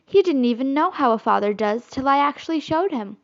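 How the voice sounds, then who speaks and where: A woman's voice: high voice, expressive, fairly quick. Woman voicing a grumbling young boy. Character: grumbling boy who wants to play father. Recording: slightly muffled recording.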